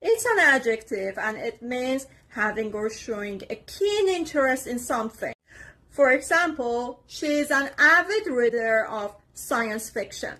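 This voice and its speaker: A woman teaching English vocabulary, pronouncing each word slowly and deliberately. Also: fairly high pitch, a bit bright. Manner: slow, deliberate word-by-word pronunciation drills. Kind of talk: vocabulary lesson.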